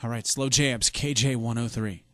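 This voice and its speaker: A man hosting a late-night radio dedication show from the studio, with smooth, steady on-air patter. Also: mid-range voice, normal speed, no room sound.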